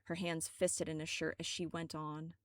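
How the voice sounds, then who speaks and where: A woman reading her own story aloud as audiobook narration, steady and dramatic. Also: low voice, moderate pace, dry recording, studio quality.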